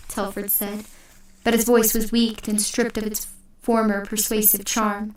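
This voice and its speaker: A woman reading an audiobook in a measured, steady narration. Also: medium pitch. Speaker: audiobook reader. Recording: echoey room, distant mic.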